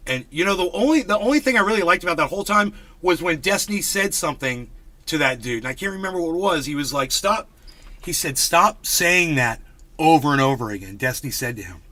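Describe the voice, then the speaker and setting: A man's voice: a little high, pushed and bright. A man live streaming, rambling casually to his chat and swearing freely. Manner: rambling, talks straight to chat.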